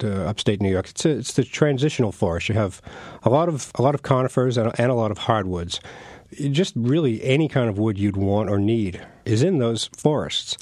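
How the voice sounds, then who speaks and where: A man's voice: on the low side, a little mellow, dry recording. A middle-aged man, an author talking casually in an interview, rambling and chuckling. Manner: rambling, with many restarts and chuckles. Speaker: author guest.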